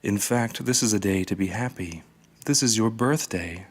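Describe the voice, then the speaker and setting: A man voicing a kind, gently joking God in a children's storybook reading, speaking in a warm, reassuring manner. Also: lowish voice, moderate pace, husky.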